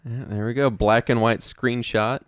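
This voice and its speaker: A man's voice: medium pitch, fairly even intonation, moderate pace, clean tone, no room sound, clean studio sound. A man co-hosting a casual unboxing chat, chatting about each item as he handles it. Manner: chatty, describes items as he handles them. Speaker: co-host.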